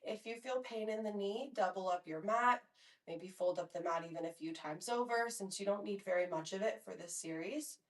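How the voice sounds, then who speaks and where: A woman's voice: mid-range voice, moderate pace, far from the mic. Woman, young adult, pilates instructor, out of breath, encouraging, counting reps, echoey room. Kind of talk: guided workout instruction. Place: home workout room.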